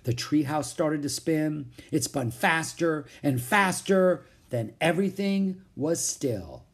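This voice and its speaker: An audiobook narrator reading a children's book aloud in an expressive storytelling way. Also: mid-range voice, takes it slowly, slightly rough.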